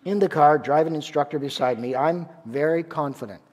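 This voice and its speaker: A man's voice: a little high, brisk, a little mellow. A man from Ontario, Canada, preaching a sermon as a pastor, telling a story in a conversational way with rhetorical questions. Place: church sanctuary. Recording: long church reverb.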